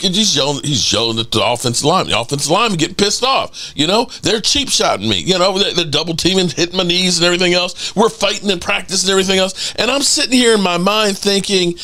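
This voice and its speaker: A middle-aged man hosting his own podcast, his voice a little higher than most men's. He tells a story in a loose, casual way, acting out what people said and swearing as he goes. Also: fast talker, hardly any pauses. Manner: animated storyteller, acts out quotes, swears casually. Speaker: podcast host.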